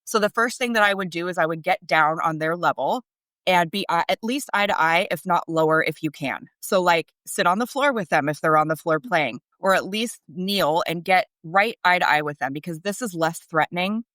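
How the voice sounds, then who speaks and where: A woman in her thirties speaks in a somewhat low voice, earnest and explanatory, lifting her pitch when she stresses a point. She is a parenting coach talking in a podcast interview, recorded dry and close on a microphone with no room sound. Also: moderate pace, dry recording. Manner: earnest and explanatory, animated rises.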